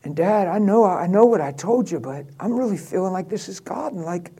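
Preacher doing his shy grown son, all hesitant and soft. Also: high-pitched, animated, fairly quick, slightly rough, full character voice. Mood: earnest. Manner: tentative, soft, mealy-mouthed. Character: hesitant earnest young adult son.

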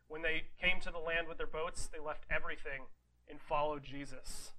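A man's voice: fairly high pitch, steady tone, brisk, bright, forceful tone, poor audio. A man preaching a conversational sermon. He reads scripture aloud, then explains it in a casual way, with rhetorical questions and "right?" asides.

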